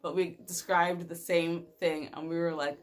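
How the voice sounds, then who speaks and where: Animated young woman telling a spooky story. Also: fairly low pitch, normal speed. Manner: animated, laughing, lots of fillers. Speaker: vlogger. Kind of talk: casual storytelling.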